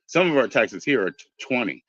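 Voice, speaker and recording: A man's voice: medium pitch, big pitch swings, brisk, no room sound. A man in his forties in casual chat, wandering through tangents and swearing freely. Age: 40s. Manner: meandering, profane, tangents. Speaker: podcast host. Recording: dull lo-fi dry recording.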